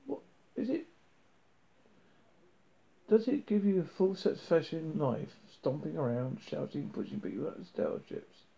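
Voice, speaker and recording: A man voicing Ford, a quick-witted man who needles his captor with probing, mocking questions. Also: fairly high pitch, very animated, gravelly, mellow. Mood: needling. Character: quick-witted, scheming alien traveller Ford, adult man. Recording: dull lo-fi recording.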